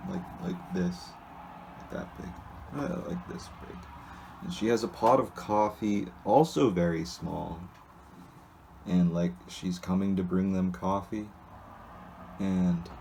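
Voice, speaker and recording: A man's voice: low voice, takes it slowly, vocal fry, pauses often, darkish tone, slight background noise. A man casually describing comics aloud in a rambling, hesitant way, with many restarts and asides. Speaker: solo video host reading comics.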